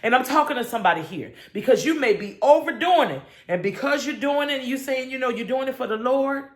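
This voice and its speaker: A woman's voice: sits high, lively intonation, a little fast. Woman minister, spirited morning devotion, calls and responses with the flock, roomy echo. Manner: exuberant, call-and-response with listeners.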